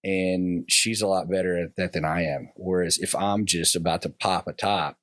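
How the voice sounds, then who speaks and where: A man with a very deep voice, talking as a guest in a loose, rambling way and playing out remembered exchanges from home. The sound is dry and close-miked. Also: steady tone, normal speed, a bit bright, no room sound. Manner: rambling, acts out remembered dialogue with his wife. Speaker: podcast guest. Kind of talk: casual conversation, personal reflection.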